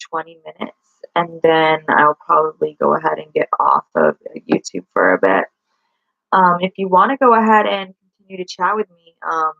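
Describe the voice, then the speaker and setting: A woman with a gravelly, fry-laden voice chats on a livestream, rambling and correcting herself as she talks to viewers. The audio is dull and lo-fi, and the sound is dry and close. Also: low-pitched, no echo. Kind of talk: casual live-stream chat. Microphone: laptop or phone mic.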